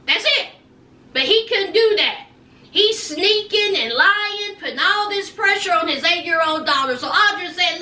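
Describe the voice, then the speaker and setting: A woman's voice: very high voice, unhurried, echoey room, recorded from a distance. A woman, casually recapping a reality show, acting out people's lines and using folksy slang. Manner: animated, acts out people's lines in voices; folksy slang, "honey", "child". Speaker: recap vlogger.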